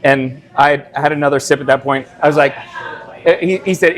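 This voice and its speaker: Halting Midwestern brewery owner. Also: male voice, a little high. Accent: American Midwest. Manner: halting, many fillers and restarts. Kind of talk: casual conversational storytelling.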